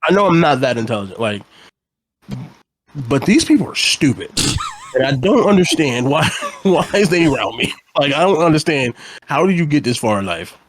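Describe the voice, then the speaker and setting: A man's voice: a little high, sing-song, normal speed, no echo. Young guy on a podcast, rambly and cussing, laughs a lot, voice jumps all over. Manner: laughing, rambling, profane and exasperated. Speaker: podcast co-host. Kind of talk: casual chat.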